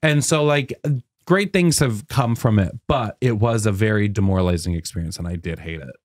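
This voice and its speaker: A man's voice: normal speed, no echo. Chatty man telling a story, dry sound. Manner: animated, many "like" fillers, acts out quotes in a high voice. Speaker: guest comedian. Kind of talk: casual podcast storytelling.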